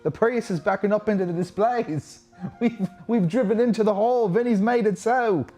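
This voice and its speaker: A man's voice: high voice, moderate pace, mellow, soft background music, voice pushed up. A man putting on a fumbling proper British gent. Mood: playful. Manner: playful, fumbling the accent. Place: convention show floor.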